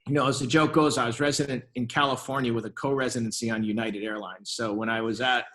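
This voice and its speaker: A venture capitalist in his fifties, speaking at an ordinary middle pitch for a man, appears as a guest in a conversational interview. He talks quickly and tells lively stories, acting out the quoted exchanges and frequently restarting his sentences.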